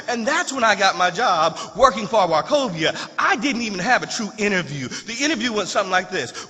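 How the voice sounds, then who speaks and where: A man preaching a sermon as pastor. His delivery swings from quiet storytelling to loud shouting. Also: sits high, big pitch swings, a little fast, few pauses, big-room sound.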